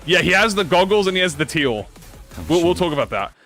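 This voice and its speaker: A man hosting a casual gaming reaction, excitable and slangy, swearing and laughing often. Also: sits high, fairly quick, soft background music. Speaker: gaming channel host.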